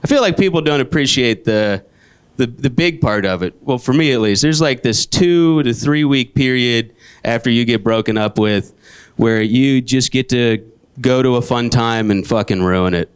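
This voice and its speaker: Young man doing stand-up, deadpan. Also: normal speed, clean tone. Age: 20s. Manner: deadpan storytelling with sudden high-pitched outbursts. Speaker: stand-up comedian. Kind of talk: stand-up comedy set. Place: comedy club stage. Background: audience laughter.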